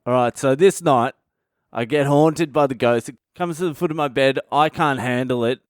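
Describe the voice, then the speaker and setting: A man's voice: mid-range voice, normal speed, clear, resonant tone, no echo, studio quality. Swearing Australian man telling a story. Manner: swears constantly, blunt and conversational. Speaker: comedian and podcast host. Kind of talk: casual comic storytelling.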